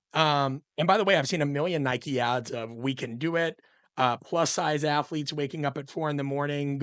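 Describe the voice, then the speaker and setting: A man's voice: fairly high pitch, fairly bright tone, no echo, clean studio sound. A middle-aged man speaking as a podcast guest, an opinionated coach talking in a passionate, emphatic, ranting way. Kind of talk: podcast conversation.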